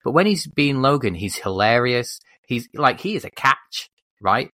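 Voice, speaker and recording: A man's voice: mid-range voice, measured pace, no echo, studio quality. A man, co-hosting a podcast and chatting animatedly about a film, often stopping to restart his sentences. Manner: animated, self-interrupting film commentary. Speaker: podcast co-host. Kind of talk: casual chat.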